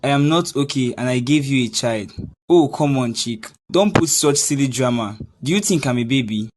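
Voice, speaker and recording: A man's voice: mid-range voice, moderate pace, close to an everyday voice. Dismissive cartoon husband played by a man, medium voice.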